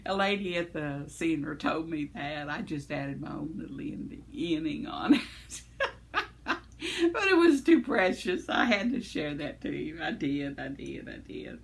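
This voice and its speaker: A woman's voice: sits low, big pitch swings, unhurried, creaky. A woman, chatting casually as a vlogger, giggly and rambling, with fillers and trailing thoughts. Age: 70s. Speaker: vlogger reading viewer comments. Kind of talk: casual chat.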